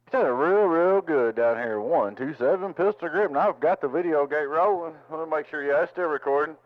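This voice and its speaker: A man's voice: fairly high pitch, a little fast, dry recording, highs cut off. A man at his home radio station, chatting on CB and repeating call signs and handles in radio lingo. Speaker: CB radio operator.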